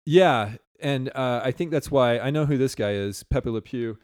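A podcast co-host chats casually, rambling and reading listener comments aloud. His mid-range voice is a little mellow at a moderate pace, captured in clean studio sound with no room sound.

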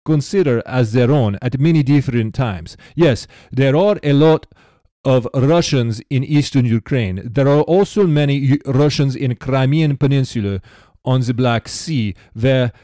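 A man's voice: mid-range voice, measured pace, few pauses, dark tone, dry recording, studio quality, close to an everyday voice. A man reading out a listener's written reply in a thick, put-on Russian accent that drifts toward a Dracula-like voice. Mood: earnest. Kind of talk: podcast read-aloud in a put-on voice.

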